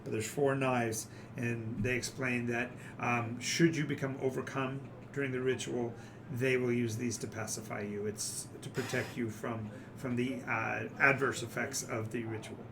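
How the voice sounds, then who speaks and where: A man's voice: mid-range voice, fairly even intonation, moderate pace, noisy background. A man running a tabletop game as game master, describing scenes in a rambling way with frequent fillers.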